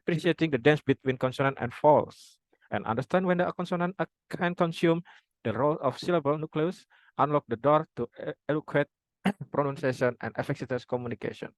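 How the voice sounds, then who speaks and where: A young man reading a prepared phonology presentation aloud, formal wording with halting restarts. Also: a little high, no room sound, rough recording. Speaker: student presenter.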